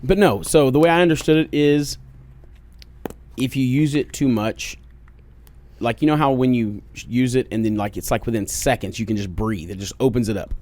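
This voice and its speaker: A man's voice: mid-range voice, normal speed, darkish tone. A man co-hosting a podcast, talking in casual banter with jokes and profanity. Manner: joking, profane, rambling. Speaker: podcast co-host. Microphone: studio podcast mic.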